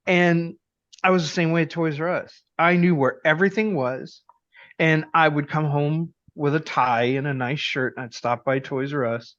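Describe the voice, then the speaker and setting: A middle-aged man with a fairly high voice, a lively storyteller in a casual podcast chat. The sound is dull and lo-fi but dry, with no room around him. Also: normal speed, no echo. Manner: lively anecdotal storyteller who acts out dialogue. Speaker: podcast co-host.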